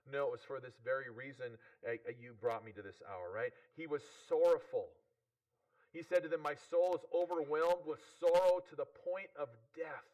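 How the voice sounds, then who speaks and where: A man's voice: fairly high pitch, normal speed, darkish tone, poor audio. A man preaching a sermon, earnest, checking in with the congregation and repeating words as he goes. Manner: earnest, with frequent repetitions and "right?" check-ins.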